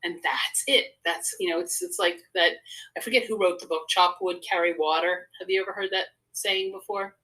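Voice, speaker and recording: An older woman talks through stories earnestly in a casual interview, her voice bright and forceful. Her pitch sits a little low for a woman. She wanders through her points as a guest and therapist would. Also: steady tone, normal speed, rough recording. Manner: earnest, rambling storyteller. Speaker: guest, psychotherapist and speaker.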